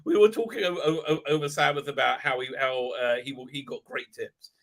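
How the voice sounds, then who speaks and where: A man's voice: medium pitch, steady tone, brisk, gravelly, a bit bright. A middle-aged man hosting a livestream in casual, rambling chat, reading out viewer comments with many restarts. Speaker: livestream host.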